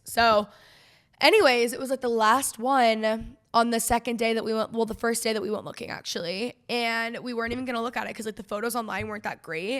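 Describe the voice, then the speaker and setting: Young woman podcast host, high-pitched and bright, rambling casual chat. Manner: chatty and rambling, heavy with "like". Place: her living room at home.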